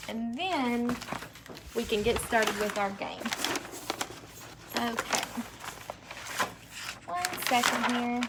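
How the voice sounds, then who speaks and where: A young woman teacher leading an early-grade phonics lesson, stretching out words slowly and praising the children. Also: on the high side, expressive, very noisy. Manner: slow, drawn-out word modeling, encouraging.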